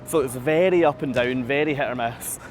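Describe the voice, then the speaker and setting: A man's voice: mid-range voice, brisk, faint music behind. A man vlogging live from the deck of a cruise ship. He answers viewer comments in a chatty, self-deprecating way, laughs often, and is slightly out of breath. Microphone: phone camera held at arm's length.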